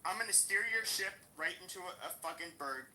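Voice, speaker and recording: A man's voice: high-pitched, expressive, brisk, noisy background. A man hosting a live audio chat room and ranting at someone in a combative, profane, taunting way, repeating phrases for emphasis. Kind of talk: heated call-out rant.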